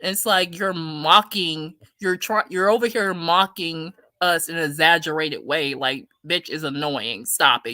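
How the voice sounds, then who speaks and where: A woman talks straight into the mic in a blunt, indignant commentary style, swearing freely as she works through the story and reads viewer comments aloud. Her tone is bright and forward, and the sound is dry and close with no room around it. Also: sits low, unhurried, few pauses, no room sound. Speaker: commentary host. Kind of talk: casual opinion commentary.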